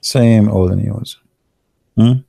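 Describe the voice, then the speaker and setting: Gravelly-voiced man. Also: on the low side, fairly even intonation, mellow, no room sound, studio quality. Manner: halting, many fillers and restarts, sarcastic asides. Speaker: online commentator. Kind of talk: casual live commentary.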